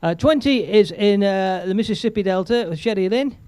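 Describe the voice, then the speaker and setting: A man chats loosely on his live stream, laughing often and reading viewer messages aloud. His voice sits high for a man. The sound is dry and close, with no room around it. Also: fairly quick, darkish tone, smooth, no echo. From England. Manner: chatty, rambling, laughs often, reads viewer comments aloud. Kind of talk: casual live-stream chat.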